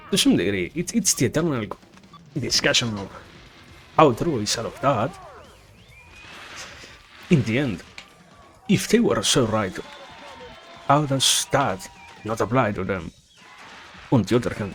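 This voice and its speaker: A man's voice: mid-range voice, big pitch swings, a little slow, long pauses, fairly bright tone, soft background music. A male streamer talking casually over a racing game. He rambles, restarts his sentences and swears now and then while he plays. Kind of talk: casual gaming stream chat.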